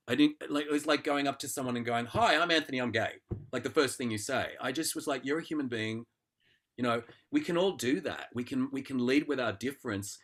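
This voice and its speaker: Animated actor in candid conversation. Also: male voice, mid-range voice. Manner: animated, acts out little quoted lines. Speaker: actor and guest. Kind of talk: conversational interview answer. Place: stage or studio talk before an audience.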